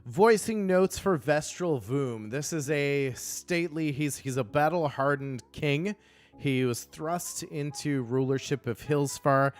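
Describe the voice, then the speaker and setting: A man's voice: fairly high pitch, slow, faint music behind. A man hosting a live stream as game master, chatting casually and thinking aloud while explaining his process.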